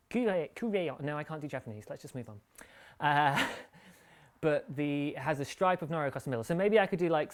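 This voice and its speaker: A man hosting a live podcast stream, chatting casually in a rambling, playful way and laughing often. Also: fairly high pitch. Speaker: podcast host.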